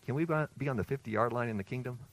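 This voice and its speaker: A man voicing two disciples who quietly ask for the best seats. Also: mid-range voice, fast, close to an everyday voice, poor audio. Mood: wheedling.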